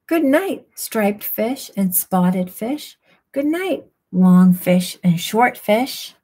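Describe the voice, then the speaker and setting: A woman's voice: mid-range voice, lively intonation, drawn-out words, mellow, slightly rough, heavily acted. A woman voicing a sweet young sea otter pup in a bedtime storybook, calling out sing-song goodnights. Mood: eager.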